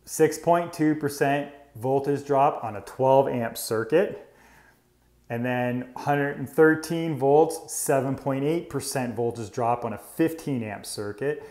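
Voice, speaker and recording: Chatty electrician demoing a tool. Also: male voice, mid-range voice, a little mellow. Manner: chatty, explains step by step. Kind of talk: casual tool demonstration. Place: indoors in an old house.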